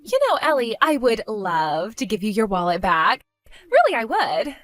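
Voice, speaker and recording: A woman's voice: medium pitch, very animated, moderate pace, a bit bright, no echo, soft background music. A woman voicing a spoiled, bratty young woman who taunts her older sister in a mocking, sing-song way. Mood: gloating. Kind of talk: animated story voice acting.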